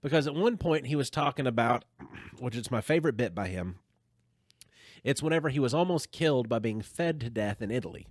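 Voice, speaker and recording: A man's voice: mid-range voice, fairly quick, dry recording. Man telling a rambling story. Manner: rambling animated storytelling with restarts. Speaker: podcast host. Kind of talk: casual podcast chat.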